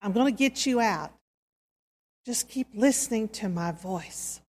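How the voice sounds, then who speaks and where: A loving, steady father speaks gently and slowly to calm his son, voiced by a woman preacher in a sermon story. Her voice sits a little lower than her own, with a long hall reverb around it. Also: slightly rough. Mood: reassuring. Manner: low, slow, gentle and steady.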